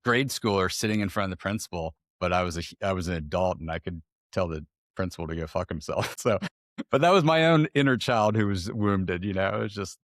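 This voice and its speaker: A man's voice: sits low, expressive, brisk, dry recording, studio quality. A middle-aged man, a guest on a podcast, telling personal stories in a blunt, candid way, swearing freely and acting out what people said. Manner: blunt, profane, acts out quoted voices. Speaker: guest, entrepreneur. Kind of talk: candid conversational storytelling.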